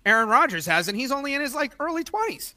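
A man co-hosting a casual sports podcast, agreeing often and chiming in with quick replies. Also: extremely high pitch, big pitch swings, sharp tone. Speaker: podcast co-host.

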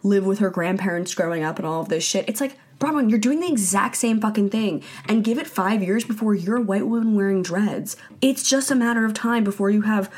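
A woman's voice: medium pitch, a little fast, hardly any pauses, darkish tone. A young woman hosting a podcast, giving blunt, profane gossip commentary in a casual chat style and saying "like" a lot. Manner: blunt, profane, heavy use of "like". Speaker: podcast host.

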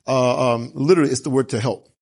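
A man's voice: medium pitch, fairly even intonation, fast talker, a little mellow. A man preaching a sermon, telling the story with animation and asking rhetorical questions. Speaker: pastor.

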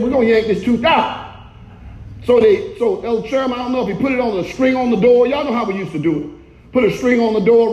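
A male pastor preaching a sermon in a church, shouting often and calling for the congregation to respond. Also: very high voice, roomy sound, low-quality recording.

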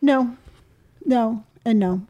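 A woman's voice: on the high side, slow pace, warm tone, lo-fi sound. A middle-aged woman from the US West Coast, a mother and content creator, talking bluntly and emphatically in a casual family chat. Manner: blunt, emphatic, self-assured.

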